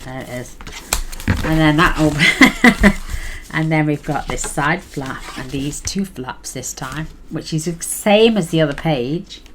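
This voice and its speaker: Woman, low voice, chatty crafting host, rambling, paper shuffling and clicks behind. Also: lively intonation, a little slow, a bit bright, slight background noise. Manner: chatty, rambling, thinks aloud with fillers. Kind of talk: casual craft tutorial chat.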